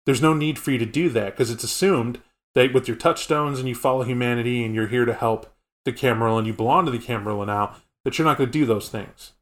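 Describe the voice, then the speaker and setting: Speaking fast in a mid-range voice, a podcast co-host explains tabletop game lore. His delivery is casual, rambling and conversational.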